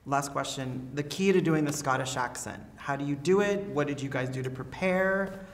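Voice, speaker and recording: A male interviewer asking playful questions, excitable and quick to swear when surprised. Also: a little high. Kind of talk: casual entertainment interview. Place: outdoors at a castle in Scotland.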